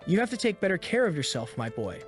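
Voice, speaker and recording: A man's voice: high-pitched, very animated, quick pace, faint music behind. A man voicing a brave, devoted middle-aged warrior father, earnest and protective, in a story recap.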